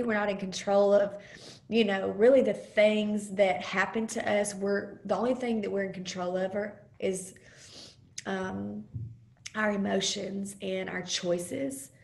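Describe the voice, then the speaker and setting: Woman guest speaker with vocal fry, earnest testimony with many pauses, echoey room on a video call. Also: medium pitch. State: close to tears at times. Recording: roomy video call audio.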